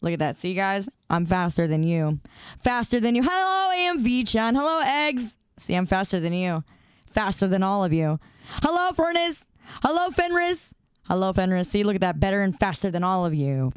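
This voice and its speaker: A woman's voice: a little high, sing-song, normal speed, smooth, no room sound, clean studio sound. A woman streamer chatting casually and playfully with her live chat, greeting viewers by name in a sing-song way.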